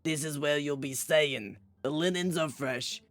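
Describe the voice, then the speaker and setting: A man's voice: fairly high pitch, measured pace, a bit bright. A man reading a haughty, cutting young woman. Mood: curt. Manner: cold, dry, cutting. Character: aloof haughty young woman, dismissive cousin.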